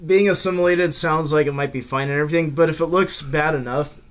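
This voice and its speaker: A man with a slightly high voice muses aloud in a casual podcast chat. He often trails off into a quieter voice. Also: fairly even intonation, fast. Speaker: podcast co-host.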